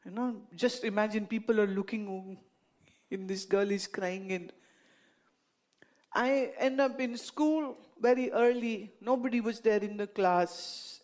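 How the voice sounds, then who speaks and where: An Indian woman recounts anecdotes in an unhurried, measured delivery. Her tone is playful and amused, and she often laughs at her own tales. Her voice sits at a middling pitch. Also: a little mellow. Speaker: speaker telling stories to an audience. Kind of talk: anecdotal storytelling talk.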